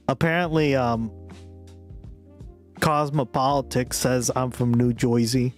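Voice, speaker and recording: A man's voice: medium pitch, steady tone, takes it slowly, long pauses, faint music behind. A man hosting a live stream in casual chat, laughing often and swearing as he riffs. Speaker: streamer host.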